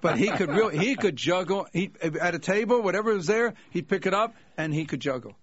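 An older man, a comedian guest, telling anecdotes in a lively way and laughing as he goes. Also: sits high, brisk, breathy edge. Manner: lively, laughing as he tells stories. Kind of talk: anecdotal storytelling. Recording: dull dry lo-fi sound.

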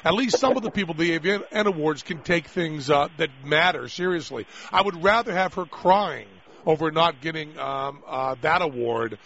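A man's voice: fairly high pitch, normal speed, few pauses, a bit bright, a little hiss or hum. A man hosting a call-in radio show, talking brashly and arguing with callers in a joking way. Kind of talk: casual call-in radio chat. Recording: dull lo-fi radio broadcast.

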